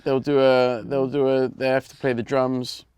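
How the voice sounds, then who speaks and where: A man's voice: mid-range voice, flat delivery, normal speed, darkish tone, a little hiss or hum. A man hosting a podcast with dry, joking chat. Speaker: host. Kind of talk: casual chat.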